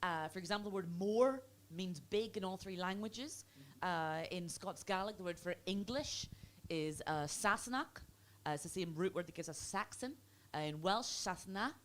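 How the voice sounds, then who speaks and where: A woman's voice: lowish voice, moderate pace. Woman doing dry stand-up. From Ireland. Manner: dry, self-mocking, chatty with the crowd. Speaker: stand-up comedian. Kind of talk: stand-up set. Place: comedy club before a live audience. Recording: live club recording with audible noise.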